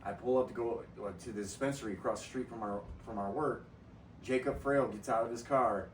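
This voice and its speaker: A man's voice: medium pitch, fairly even intonation, brisk, slight background noise. A man hosting a casual podcast, telling crude stories among friends and laughing often. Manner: profane, laughing storyteller. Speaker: podcast host. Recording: roomy sound from a distant mic.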